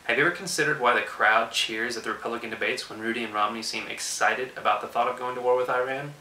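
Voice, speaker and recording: A man in his twenties from Texas giving a measured, persuasive, emphatic scripted video address about politics. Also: mid-range voice, steady tone, pushed and bright, reverberant, far from the mic, slight background noise, low-quality recording. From Austin, Texas. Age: 20s. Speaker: political commentator.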